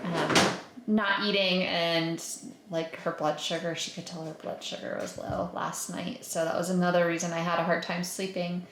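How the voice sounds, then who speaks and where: A woman's voice: lowish voice, little pitch movement, moderate pace, a bit bright, roomy sound, a little hiss or hum. A woman chatting casually to her camera at home, rambling with plenty of fillers. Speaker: vlogger. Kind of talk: casual home vlog chat.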